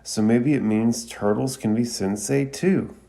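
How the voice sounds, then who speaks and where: A man voicing a brash, loud young male ninja who talks in a raised, mocking way. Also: mid-range voice, a little slow, creaky.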